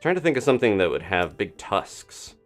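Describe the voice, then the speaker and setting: A man with a low voice gives casual commentary while he plays a game on a live stream. His delivery is lively and swings up and down, chatty and cheerful. Faint game music plays behind him. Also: brisk. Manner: chatty and upbeat, laughs often, greets chat.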